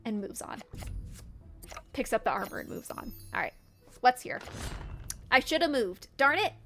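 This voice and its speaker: A woman's voice: a little high, big pitch swings, moderate pace, gravelly, sharp tone, soft background music. A woman streamer giving casual, playful gameplay commentary, often giggling as she narrates her characters' antics.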